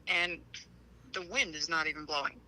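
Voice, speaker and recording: Woman on speakerphone, bright crisp voice, matter-of-fact. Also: sits low, steady tone, moderate pace, low-quality recording. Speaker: caller on speakerphone. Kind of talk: casual phone chat.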